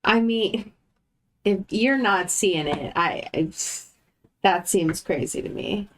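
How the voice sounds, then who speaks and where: A woman's voice: medium pitch, takes it slowly, a bit bright, rough recording. A woman role-playing her character in a tabletop game, speaking in a teasing way. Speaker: player. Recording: faint background noise.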